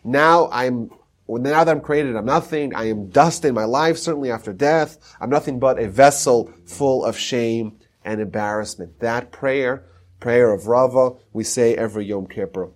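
A man's voice: medium pitch, normal speed. A man giving a podcast lecture on Talmud history, teaching emphatically and mixing in Hebrew terms.

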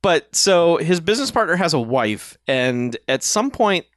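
A man's voice: fairly high pitch, unhurried, dry recording, studio quality. A man co-hosting a podcast, recapping a horror film in casual chat, laughing often and acting out lines. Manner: animated, laughing, swearing, acts out quotes. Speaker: podcast co-host.

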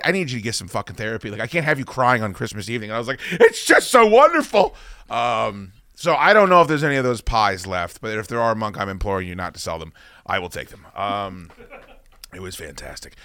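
A man co-hosting a podcast, telling stories in casual chat, profane and animated. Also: on the high side, no echo, studio quality. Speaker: podcast co-host.

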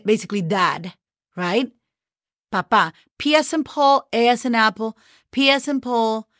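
In a clean studio recording with no echo, a woman teaches holiday words on a casual podcast, spelling each one letter by letter. She's from northern Mexico, a native Spanish speaker with a Mexican accent, and her mid-range, fairly bright voice is sprinkled with okays and fillers.

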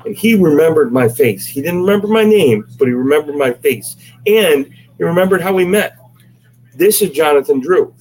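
A man's voice: on the high side, lively intonation, normal speed, darkish tone, husky, rough recording. A man co-hosting a casual podcast chat, telling stories with emphatic, persuasive asides. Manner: emphatic storyteller. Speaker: podcast co-host.

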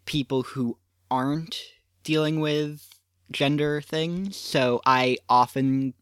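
A man's voice: on the high side, steady tone, slow, smooth, no echo. A young man co-hosting a podcast, talking casually with hesitant, apologetic restarts. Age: young adult. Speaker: podcast co-host.

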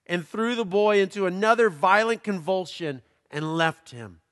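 A man preaching, reading a scripture passage aloud and pausing to comment on it in a slow, deliberate manner. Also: sits high, fairly bright tone. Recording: long hall reverb.

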